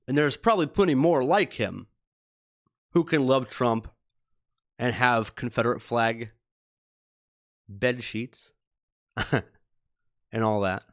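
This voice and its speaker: A man's voice: mid-range voice, fairly bright tone. A man in his thirties rants on a live stream in a profane, heated, rambling way. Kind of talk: casual ranting live stream chat.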